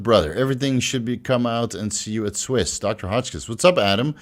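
A man's voice: medium pitch, a little fast, few pauses. A man with a Dutch accent chatting loosely on a livestream, swearing freely and reading out viewer comments. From Netherlands. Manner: loose and profane, many fillers and restarts. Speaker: livestream host.

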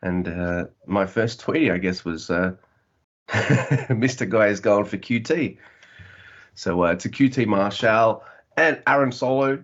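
A man's voice: fairly low pitch, normal speed, lo-fi sound. A man co-hosting a podcast, chatting casually and jokingly about a wrestling show. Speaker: podcast co-host. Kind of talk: casual wrestling recap chat.

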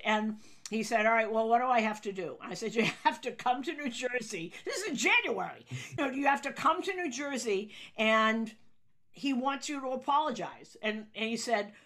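A woman, a sports broadcaster telling an anecdote in an interview, acting out quotes with sudden loud high bursts. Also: lively intonation, brisk.

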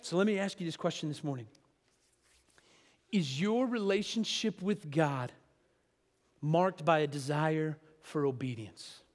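A man with a fairly high voice preaches a sermon, keeping it conversational and checking in with his listeners through frequent tag questions. His voice carries a long reverb from a church sanctuary. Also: measured pace, pauses often. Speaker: pastor.

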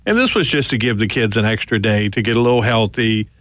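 A man's voice: animated, fast, fairly bright tone, dry recording. A man, a football coach, co-hosting a sports radio show in a studio, opinionated and emphatic. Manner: emphatic, opinionated, rising to sudden high exclamations. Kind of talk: casual sports radio chat.

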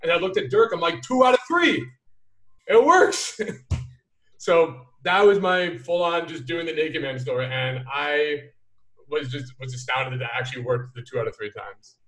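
A man's voice: on the high side, normal speed, distant mic. A man telling a funny story in casual chat, acting out the quotes. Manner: animated, acts out quoted voices. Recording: roomy, a bit off-mic.

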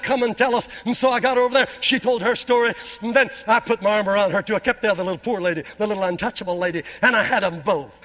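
An older man preaching a sermon, telling testimony stories with fervent outbursts and slow, drawn-out phrases. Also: high voice, pushed and bright. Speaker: evangelist preacher. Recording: long hall reverb.

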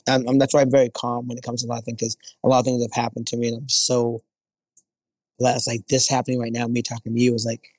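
A middle-aged man speaks earnestly and warmly about his family. He often slips into animated voices to quote other people. The sound is dry, with no room around him. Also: mid-range voice, quick pace, dry recording. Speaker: guest. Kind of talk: casual conversation.

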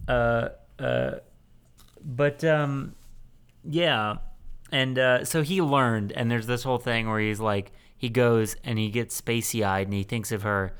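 A young man co-hosting a podcast, recapping a movie in casual chat, rambling with lots of ums and quick laughs. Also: medium pitch, fairly even intonation, a bit bright, clean tone. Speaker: podcast co-host.

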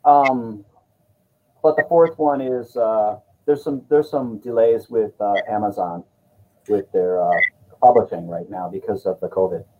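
A man's voice: fairly low pitch, a little hiss or hum. A man being interviewed as a guest filmmaker, speaking hesitantly over a call. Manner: hesitant, halting. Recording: tinny phone-like call line.

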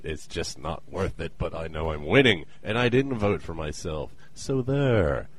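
A man's voice: low-pitched, animated, no echo. A man hosting a casual podcast, playful and jokey, talking with a co-host over a call. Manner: playful, jokey, with quick put-on voices. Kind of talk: casual chat. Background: skype call with co-host.

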